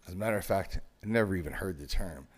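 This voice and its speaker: A man with a very low voice pours out a raw, emotional confession as a podcast host. He sounds broken up, and his tone keeps climbing into forceful emphasis. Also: quick pace. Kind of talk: emotional personal monologue.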